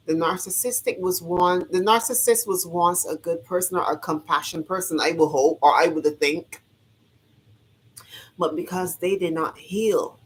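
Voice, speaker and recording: A woman with a notably low voice talks straight to her viewers in a loose, motivational vlog. She hammers her points home by saying them again and again, preaching and swearing casually as she goes. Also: slight background noise, rough recording. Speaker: vlogger.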